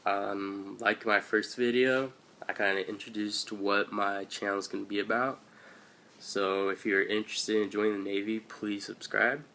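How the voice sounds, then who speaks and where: A young man of eighteen from Washington State talks slowly in a low, gravelly voice. His delivery stays flat and loose as he rambles through a story with offhand, slangy asides, recorded on a handheld camera. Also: a little hiss or hum. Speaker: vlogger. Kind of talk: casual first-person storytelling. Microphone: handheld camera or phone.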